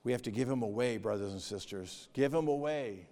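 A man preaching a sermon in a measured way, reading scripture and outline points and growing emphatic as he goes. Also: medium pitch, mellow. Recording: long reverb of a hall.

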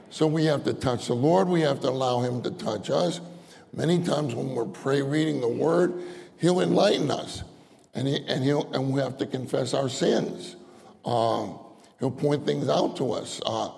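A man preaching a sermon with a gravelly voice, earnestly repeating key phrases and lifting his pitch when he urges the listeners. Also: a little mellow. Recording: long hall reverb.

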